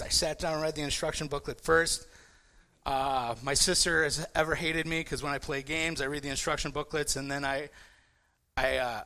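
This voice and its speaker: A man in his forties preaching a casual sermon, telling animated personal stories with many restarts and repeated words. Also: a little high. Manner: repetitive restarts, animated storytelling.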